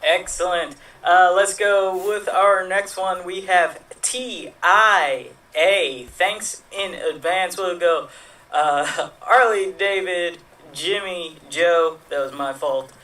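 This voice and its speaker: Improv host, upbeat, slow delivery, mid pitch, distant call audio. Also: bright, forceful tone. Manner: upbeat, chatty, laughs easily. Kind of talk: hosting a live-streamed improv game.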